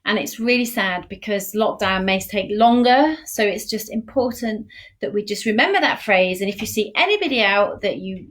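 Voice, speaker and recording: A woman with a mid-range voice leads a beginner sign language lesson over a live stream. She's encouraging, repeating key phrases slowly and firmly.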